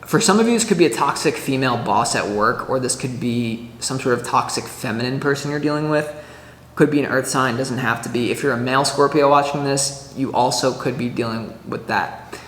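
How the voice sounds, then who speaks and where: A man giving a casual weekly tarot reading to camera, chatty and animated, full of restarts and filler words, acting out little scenes as he explains. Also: mid-range voice, brisk, a little hiss or hum. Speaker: tarot reader. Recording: echoey room with long reverb.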